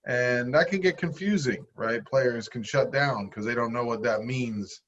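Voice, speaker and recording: A man hosting a podcast speaks in a mid pitch, thoughtfully summing up what his guest has said. His voice comes through a somewhat dull, lo-fi recording. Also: measured pace, a bit bright. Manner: reflective, sums up guest's story. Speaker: podcast host. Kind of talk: interview chat. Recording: dull lo-fi audio.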